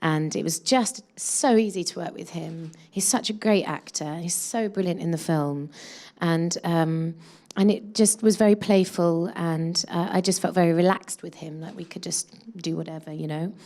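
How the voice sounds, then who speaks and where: Chatty woman with a low voice. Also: steady tone, normal speed, warm tone. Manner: chatty, many restarts and fillers. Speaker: actress interviewed about her film. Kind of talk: casual press interview.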